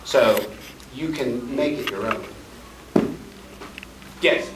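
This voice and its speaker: Talking extremely slowly in a mid-range voice, the man from Chicago runs a joking, animated voice-acting panel, demonstrating sounds and taking audience questions. The echoey recording was made by a fan camera far back in the large convention room, and the background is noisy.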